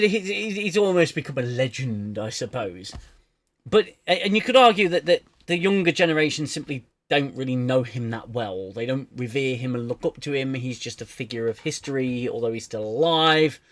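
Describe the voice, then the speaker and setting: A man's voice: mid-range voice, a bit bright. A man hosting a casual livestream chat about shows, rambling with laughs and restarts. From United Kingdom. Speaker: show reviewer and host.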